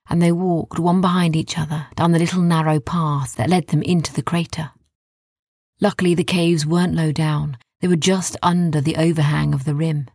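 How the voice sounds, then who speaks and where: Storyteller, woman, low and gravelly; soft hushed reading, dry close mic. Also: steady tone, moderate pace, dry recording. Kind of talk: bedtime story narration.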